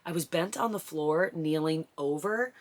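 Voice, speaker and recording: A young woman tells a story to her viewers in a rush of breathless excitement, acting out every remembered line. Her voice sits a little low for a woman. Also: normal speed. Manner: breathless, excited retelling with acted-out quotes. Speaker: vlogger. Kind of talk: animated storytelling to camera.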